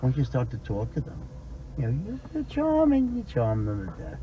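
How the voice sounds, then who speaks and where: A man's voice: mid-range voice, wildly swooping pitch, normal speed, muffled recording, noisy background. A man co-hosting a casual talk show, reacting expressively and sympathetically to his guest's story. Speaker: co-host.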